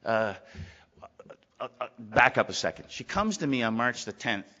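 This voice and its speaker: At a recovery meeting, a middle-aged man gives a candid, rambling personal talk and often repeats his words. His mid-range voice swings widely in pitch, with a sharp tone and normal speed. It's a lo-fi recording made in a meeting hall.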